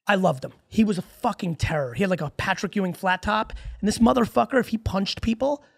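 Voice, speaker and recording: Gravelly-voiced man ranting emphatically. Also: sits high, animated. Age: 40s. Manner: emphatic, profane, rapid-fire storytelling. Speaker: podcast guest. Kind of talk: casual podcast conversation.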